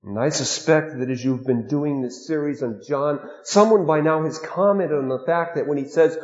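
Earnest preacher with a higher voice, echoey. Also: male voice, normal speed, muffled recording. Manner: earnest, with sudden swings between hushed and emphatic. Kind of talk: sermon.

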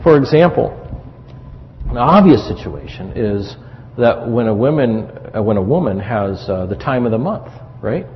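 A man's voice: medium pitch, lively intonation, moderate pace, a little hiss or hum. A middle-aged man preaching a conversational sermon on marriage, with frequent asides to the congregation. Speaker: pastor. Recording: dull lo-fi recording in a reverberant hall.

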